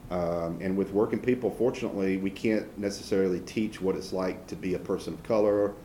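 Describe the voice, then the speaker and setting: A man's voice: low voice, brisk, mellow, echoey room, a little hiss or hum, poor audio. A man with a Southern US accent, a labor organizer answering audience questions in a folksy, conversational way with many fillers and restarts. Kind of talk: casual public Q&A talk.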